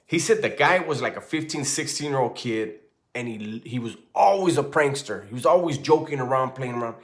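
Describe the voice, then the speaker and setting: A man in his forties spins a casual, profane story, animated and loose, often tossing in "right?" to keep the listener with him. His voice sits at an ordinary middle pitch for a man. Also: a little fast.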